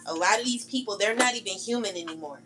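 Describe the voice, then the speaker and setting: A woman's voice: medium pitch, fast talker, music in the background, low-quality recording. A woman hosting her own channel, talking straight to viewers in a heated, accusing rant, repeating herself and swearing freely. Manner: heated, accusing, repetitive, cursing. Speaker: tarot channel host. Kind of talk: ranting vlog monologue.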